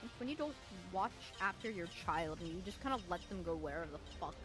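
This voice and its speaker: A woman's voice: fairly low pitch, animated, quick pace, music in the background. A woman chatting on a stream, blunt and opinionated, swearing casually. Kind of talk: casual chat while gaming.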